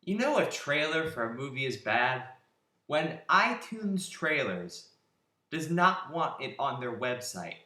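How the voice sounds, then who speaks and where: A man's voice: medium pitch, big pitch swings, a little slow, bright, forceful tone. A man giving a sarcastic, exasperated rant as an online movie reviewer. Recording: roomy echo.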